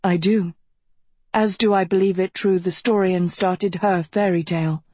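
A grave, sensible male professor, read by a woman in her own voice with slow, measured authority. The tone is breathy and dry, with no room around it. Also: on the low side, fairly even intonation, darkish tone, dry recording.

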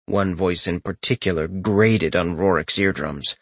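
A man's voice: low voice, a little slow, fairly bright tone, no echo. Man narrating, dry close sound. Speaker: audiobook narrator. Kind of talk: scripted fantasy narration.

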